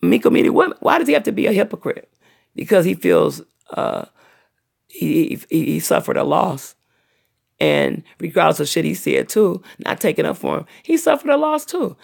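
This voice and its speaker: This middle-aged woman hosting her own livestream has a fairly low, darkish, husky and creaky voice, and she's very animated while speaking at a normal speed. Her unscripted rant runs long and is blunt and profane throughout.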